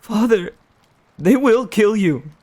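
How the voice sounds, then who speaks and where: A man reading a storybook aloud and voicing a frightened young boy with high, strained cries. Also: expressive, slow, darkish tone, exaggerated voice. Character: desperate young boy, son of a prisoner.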